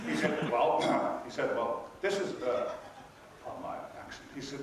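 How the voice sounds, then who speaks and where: A man's voice: mid-range voice, expressive, normal speed. Older man, convention guest, dry theatrical raconteur; distant, echoey hall recording. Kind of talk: anecdotal storytelling to an audience. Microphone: recorded from far off by an audience camera. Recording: echoey hall from far off, noisy.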